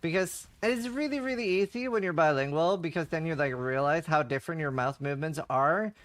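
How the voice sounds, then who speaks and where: Man, slightly high voice, rambling casual streamer chatter. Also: brisk, fairly bright tone. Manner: chatty, rambling, heavy use of "like". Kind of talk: casual livestream chat while gaming.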